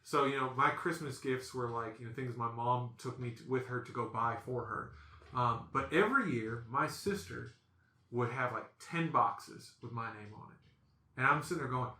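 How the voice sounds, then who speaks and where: Animated storytelling man, echoey room. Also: mid-range voice, moderate pace, slight background noise. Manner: animated, acts out voices in his stories. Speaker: podcast host. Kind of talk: casual storytelling chat.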